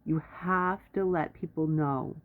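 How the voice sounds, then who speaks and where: In a slow, mid-range voice with fairly even intonation, an advice vlogger offers blunt guidance in a loose, rambling monologue. They keep interrupting themselves mid-sentence to restart, all through tinny, phone-like audio.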